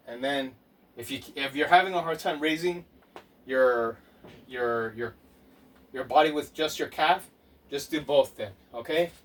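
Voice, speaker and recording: Man, fitness instructor. Slightly high voice, slow and steady, counts reps, mic set back from him. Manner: counts reps aloud, gives slow step-by-step tips. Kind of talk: home workout instruction. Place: home workout space. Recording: voice from a distance off the mic.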